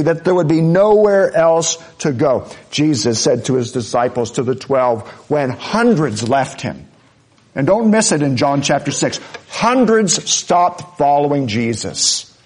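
A pastor preaching a sermon, earnest and emphatic, driving points home with repeated phrases. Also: male voice, fairly high pitch.

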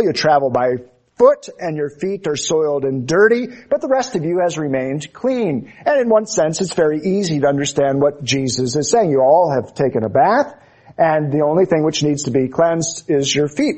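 A man preaching an expository sermon, his voice sitting a little higher than most men's. He talks with fervent, emphatic conviction and often slows right down to press a phrase home. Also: lively intonation, darkish tone, breathy edge.

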